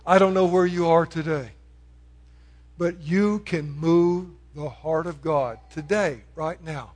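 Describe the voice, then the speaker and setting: A man preaching a sermon, swinging between loud proclamation and hushed, pleading appeals. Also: on the high side, slow.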